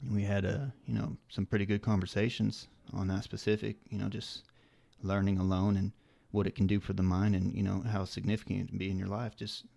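A podcast co-host with a gravelly, dark, lowish voice and a slight Southern American accent rambles through his thoughts with plenty of fillers. His delivery is fairly flat, a little fast, with few pauses. The casual podcast is recorded close and dry, with no echo.

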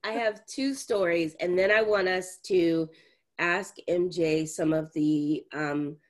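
A woman's voice: lowish voice, slow pace. A middle-aged woman co-hosting a podcast, telling stories in a casual chat with lots of laughter. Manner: animated, laughs heartily while telling stories.

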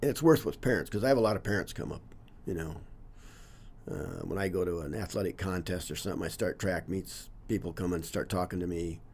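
A man's voice: low-pitched, brisk, creaky, a little mellow, a little hiss or hum. A man in his sixties, a longtime teacher and coach, talking earnestly in a casual interview and trailing off with loose fillers. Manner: earnest and reflective, trails off with "you know, whatever".

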